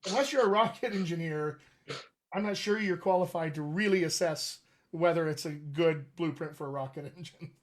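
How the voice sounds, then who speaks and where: A chatty male dialect coach hosting a live online Q&A. His voice sits a little high for a man, and he talks in an animated way, laughing often as he answers questions. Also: moderate pace. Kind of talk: casual live-stream chat.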